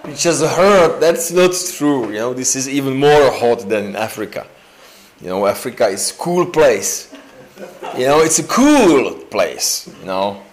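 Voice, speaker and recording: A man's voice: medium pitch, big pitch swings. A man preaching an informal, joking sermon in a church, full of fillers and restarts. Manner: chatty and joking, with many fillers and slow restarts. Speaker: pastor. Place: church sanctuary indoors.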